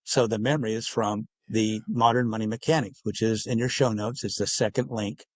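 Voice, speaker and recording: A guest author on a podcast speaks in a low-leaning voice with fairly even intonation, a little fast, with no room sound. He explains his points at length in an interview and acts out bits of dialogue in quotes.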